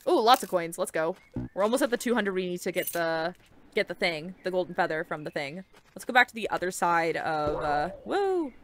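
A young woman giving casual, excitable let's-play commentary while playing a game, chatty and swearing casually. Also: lowish voice, a little fast. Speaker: gaming video creator.

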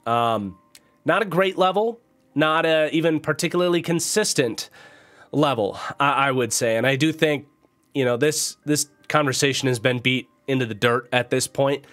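Male channel host, nasal with a cold, middle pitch, chatty football commentary with fillers. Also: moderate pace, a bit bright. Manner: chatty, thinking aloud with fillers and restarts. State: recovering from a cold. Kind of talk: casual commentary to camera.

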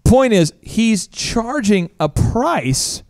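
Male business podcast host, animated and jokey, higher voice, dry studio sound. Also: no room sound. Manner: animated, jokey, quick asides and voice impressions. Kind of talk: energetic casual business talk.

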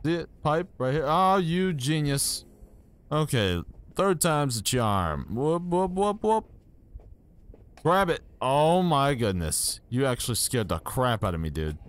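An excitable young man talks through a video game as he plays, with a voice that swoops up and down. He speaks slowly and unhurriedly, and mocks himself cheerfully into a desk microphone. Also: mid-range voice. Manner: excitable, self-mocking reactions while playing. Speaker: gaming YouTuber. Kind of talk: casual let's-play commentary. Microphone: new desk microphone.

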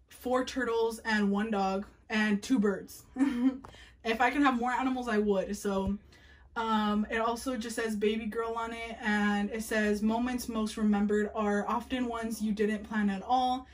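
A young woman giving a casual, chatty tour of her nail room, talking fast and a little nervously, with many fillers. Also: on the high side, steady tone. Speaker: nail artist showing her workspace.

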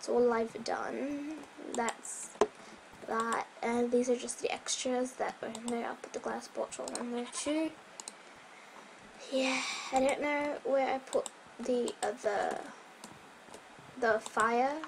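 Slow, rambling young woman gaming. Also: a little high, steady tone, creaky, noisy background. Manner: rambling, self-correcting, chatty. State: voice a bit strained. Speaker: Minecraft let's player. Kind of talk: casual gameplay commentary.

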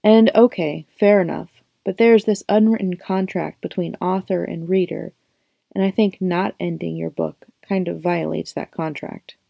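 A woman's voice: fairly low pitch, steady tone, moderate pace, gravelly, warm tone, no room sound, studio quality. A woman reading the part of an eager, witty teenage boy who talks in long, playful sentences. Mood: earnest.

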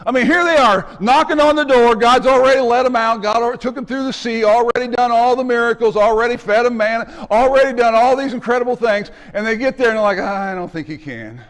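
A pastor preaching a sermon in a church, animated and acting out the people in the story, now and then shouting. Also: male voice, very high voice, fast talker, hardly any pauses, long reverb tail. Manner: animated, acts out voices and shouts. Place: church sanctuary.

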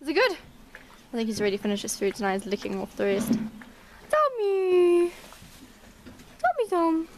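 A woman's voice: expressive, fast, noisy background. A woman vlogging as she walks through her stables, chatting to viewers and calling out to the horses. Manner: chatty, calls out to horses in a high sing-song. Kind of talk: casual walk-and-talk vlog.

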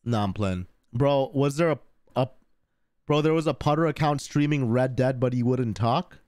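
A man's voice: mid-range voice, moderate pace, a little mellow, no echo, clean studio sound. A man streaming a game, chatting casually with viewers in rambling, slangy, cursing talk.

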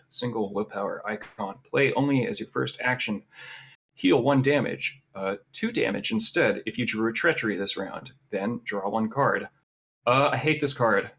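A man co-hosting a podcast who reviews game cards in an easy, casual way. He talks bluntly and with strong opinions, and he pauses often with fillers while his pitch stays at an ordinary middle level. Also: gravelly, fairly bright tone. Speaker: podcast co-host.

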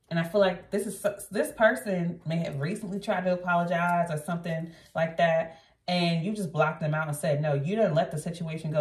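A woman with a low voice gives a casual tarot reading indoors at night. She talks to her viewers in a blunt, chatty way and swears freely. The sound is roomy and echoey, and she sits a bit back from the mic. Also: darkish tone, recorded from a distance. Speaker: tarot reader.

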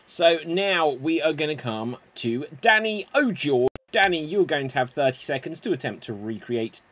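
Brisk, upbeat male improv host. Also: fairly high pitch, animated, fairly bright tone. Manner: brisk, upbeat, running the games. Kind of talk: hosting an online improv show.

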